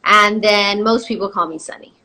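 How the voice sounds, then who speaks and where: A woman's voice: medium pitch, fairly even intonation, normal speed, sharp tone. A woman guest on a chat show over a video call, chatty and playful, laughing as she talks. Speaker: actress guest. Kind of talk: casual video-call interview.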